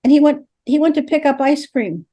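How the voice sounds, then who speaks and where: A woman's voice: sits high, expressive, fairly quick, mellow. An older woman, a guest in an interview, telling stories with animation and acting out the dialogue. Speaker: interview guest, ghost helper. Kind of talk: storytelling in an interview.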